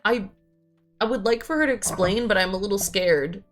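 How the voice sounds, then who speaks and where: A young woman streaming a game, chatting playfully and asking quick surprised questions as she reads along. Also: mid-range voice, faint music behind. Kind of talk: casual game commentary and reading dialogue aloud.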